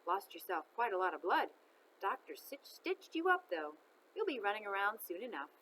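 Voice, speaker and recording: A woman's voice: medium pitch, big pitch swings, moderate pace, a bit bright, a little hiss or hum, poor audio. A woman voicing a kindly young Irish nurse who talks in a soothing, motherly way in a read-aloud storybook.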